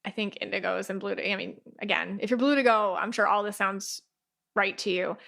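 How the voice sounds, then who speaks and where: Bright-voiced chatty woman podcaster. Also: medium pitch, a little fast, creaky. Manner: chatty, animated, acts out little quoted voices. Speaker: podcast host, aura reader. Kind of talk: casual podcast talk.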